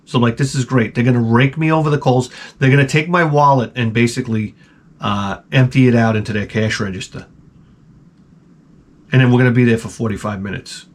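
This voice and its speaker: A man hosting his own channel, telling a rambling comic story with lots of swearing and loud mouth sound effects. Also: medium pitch, brisk. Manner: animated, profane, with loud sound-effect imitations. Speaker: channel host. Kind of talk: rambling comedic monologue.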